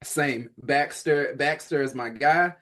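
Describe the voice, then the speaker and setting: Relaxed man in a podcast chat. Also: fairly high pitch, slow pace. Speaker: podcast co-host. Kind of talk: casual chat.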